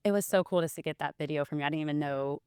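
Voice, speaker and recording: Low, smooth-voiced young woman. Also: very fast, darkish tone, dry recording, clean studio sound. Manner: chatty storytelling, quoting others. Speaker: interview guest, wellness bodybuilder. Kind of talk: casual interview chat.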